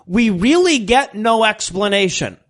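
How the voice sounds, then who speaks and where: A man's voice: sits high, lively intonation, unhurried, a bit bright. A man co-hosting a casual comedy podcast, ranting in exasperation about a movie, swearing and laughing. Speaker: podcast co-host reviewing a movie.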